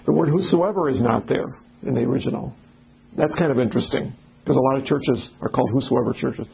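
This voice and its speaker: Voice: mid-range voice, brisk, gravelly, breathy edge, phone-quality sound. A Bible study leader explaining word meanings and putting questions to the group in a casual discussion.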